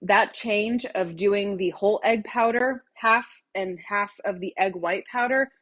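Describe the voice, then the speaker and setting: A young woman chatting to her camera in a large home kitchen, a touch out of breath. She rambles loosely, stops herself mid-thought and circles back with plenty of ums and likes. Her voice sits at an ordinary middle pitch. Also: unhurried, fairly bright tone. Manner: rambling, talkative, self-interrupting with fillers. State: a little out of breath. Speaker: cooking vlogger. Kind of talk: casual chatty kitchen vlog.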